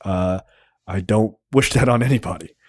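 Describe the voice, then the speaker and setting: A man's voice: fairly low pitch, moderate pace, darkish tone, husky, no echo, studio quality. A man reviewing a film on a podcast in a loose, rambling, profane way, full of ums and likes. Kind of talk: casual conversational film review.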